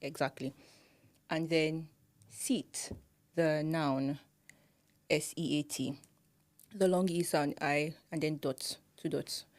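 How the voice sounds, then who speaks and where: A Nigerian woman with a Nigerian accent co-hosting a podcast in casual chat, animated, laughing often and mimicking pronunciations. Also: low voice, takes it slowly, pauses often. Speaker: podcast co-host.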